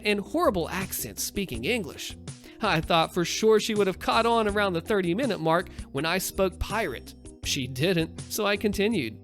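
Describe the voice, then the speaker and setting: A man narrating internet stories with a wry, knowing delivery. His pitch swings widely from line to line, with faint music behind him. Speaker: story narrator. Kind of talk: reading internet stories aloud.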